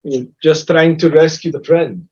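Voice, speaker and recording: A blunt, matter-of-fact female giant, voiced by a man in a tabletop game. The voice is husky and sits a little high, with some hesitant restarts. The recording is dull and lo-fi. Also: fairly even intonation, a little slow, dark tone.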